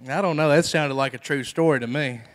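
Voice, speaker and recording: A man's voice: on the high side, fairly quick. Jokey Southern man emceeing a contest. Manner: jokey, announcer-like. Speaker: contest host.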